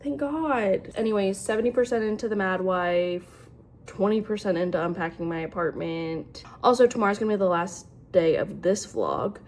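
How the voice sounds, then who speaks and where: A woman's voice: medium pitch, animated, moderate pace. A young woman chatting casually to camera about books, full of fillers and likes. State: sleepy in the morning. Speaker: booktube vlogger. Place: home, later a dog park outdoors.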